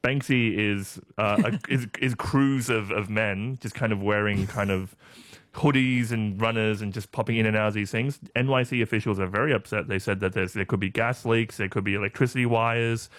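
A man's voice: lowish voice, fairly even intonation, moderate pace, fairly bright tone, no room sound. A man co-hosting a podcast, rambling through a news story in casual chat. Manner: rambling, full of fillers and restarts. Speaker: podcast co-host.

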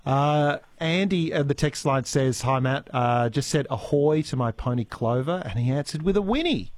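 An Australian radio host, a man with a middle-pitched voice, talks in an easygoing, chatty manner, full of ums and restarts. His studio mic sound is dry and close, with no room around it. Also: moderate pace, dry recording. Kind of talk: live radio chat and listener messages. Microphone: studio microphone.

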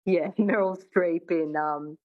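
A woman's voice: on the low side, fairly even intonation, slow pace, highs cut off. A woman dialect coach explaining accent work in an interview, chatty with many restarts. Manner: chatty, lots of fillers and restarts.

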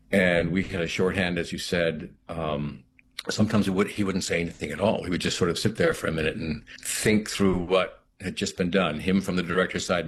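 Middle-aged guy, really low voice, thinks out loud and restarts a lot, faint hum of ambience behind. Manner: thoughtful, halting, many restarts. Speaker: actor, interview guest. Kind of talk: reflective interview talk.

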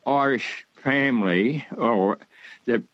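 An older man, calling in to a radio show and telling a long story, halting with many ums and restarts. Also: medium pitch, no echo, muffled recording. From Australia. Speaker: caller. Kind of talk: radio call-in chat. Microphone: telephone.

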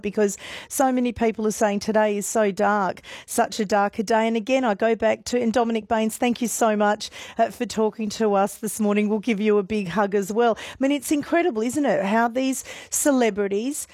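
A woman's voice: a little high, fairly even intonation, moderate pace, darkish tone, no echo, studio quality. A woman hosting breakfast talk radio, chatty and emotional as she introduces guests and calls. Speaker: radio host.

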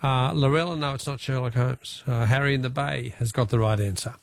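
A man hosting a radio quiz, brisk and chatty, reading out listener messages. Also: medium pitch, fairly even intonation, creaky, no room sound.

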